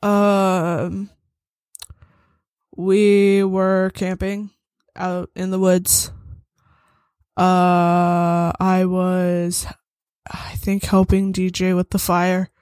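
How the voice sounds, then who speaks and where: A woman's voice: lowish voice, very slow, long pauses, clean tone, no room sound, studio quality. Nick, a woman voicing a groggy hungover guy. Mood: flat. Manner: flat, curt, half-awake mumble. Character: groggy hungover young man woken from sleep.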